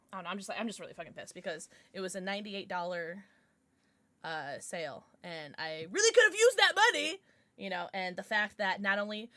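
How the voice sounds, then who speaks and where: A woman's voice: lowish voice, bright, forceful tone, no room sound. A woman streamer chatting casually on a livestream, rambling with frequent restarts and plenty of swearing.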